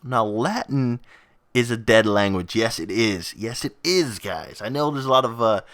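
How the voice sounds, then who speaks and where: A man's voice: medium pitch, animated, moderate pace, fairly bright tone, no room sound. A young man hosting a gaming video in casual, rambling vlog chat, self-mocking and often laughing.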